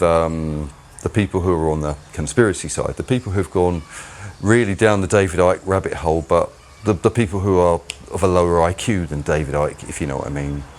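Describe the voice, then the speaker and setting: A man's voice: low-pitched, slight background noise. A man hosting his own channel, delivering a rambling, mocking solo commentary. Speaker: channel host.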